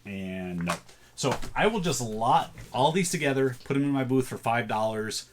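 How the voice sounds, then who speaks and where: Sorting through a thrift haul, a man who resells items chats casually for his vlog and thinks out loud along the way. He speaks at a moderate pace in a lively, mid-range voice, with a bit of background noise.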